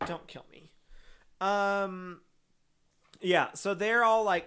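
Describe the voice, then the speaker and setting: A man's voice: sits high, takes it slowly, pauses often, sharp tone, clear, resonant tone. A man from Texas casually chatting and recapping a TV show with a co-host, swearing freely. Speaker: podcast co-host.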